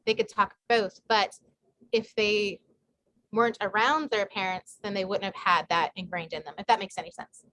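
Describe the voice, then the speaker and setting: A woman's voice: medium pitch, steady tone, normal speed, fairly bright tone, slight background noise. A woman author answering questions in a casual group chat on a video call, talking with many fillers and restarts. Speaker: guest author. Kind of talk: casual online group talk.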